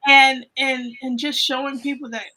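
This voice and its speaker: A woman telling an emotional personal faith story in a casual panel chat, animated and often repeating her phrases. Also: high-pitched, moderate pace, rough recording. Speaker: guest on a livestream panel.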